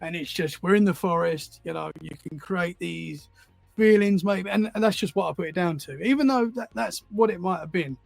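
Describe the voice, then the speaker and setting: High gravelly man telling stories. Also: normal speed, no echo, soft background music. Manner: rambling, repeats words while finding his thread. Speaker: podcast guest, paranormal enthusiast. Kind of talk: casual storytelling.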